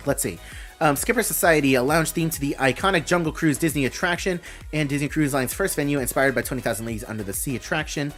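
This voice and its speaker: A man's voice: a little high, fast, fairly bright tone, soft background music. A man hosting a live stream, reading out announcements and thinking aloud with a rambling, casual manner.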